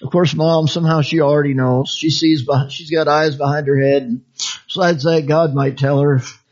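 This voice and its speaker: A man delivers a sermon in a folksy, conversational manner, chuckling often and swinging widely between high, lively phrases and soft, quiet ones. He speaks at normal speed, and the recording sounds dull and lo-fi.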